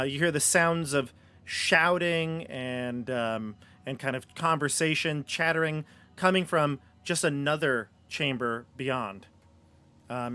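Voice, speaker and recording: A man narrating as game master of a tabletop game in a relaxed, halting way. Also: mid-range voice.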